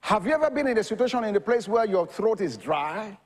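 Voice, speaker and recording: High, lively preacher in an echoing hall. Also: male voice, fairly quick. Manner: lively preaching that swings from quiet reading to loud shouting. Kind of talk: sermon.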